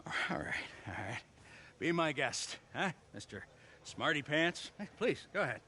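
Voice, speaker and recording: A man's voice: fairly high pitch, big pitch swings, unhurried, bright, forceful tone, slight background noise, full character voice. An actor playing a grumpy middle-aged male shop worker who grumbles and talks down to people in a video game cutscene. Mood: grumbling. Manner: gruff, dismissive, grumbling.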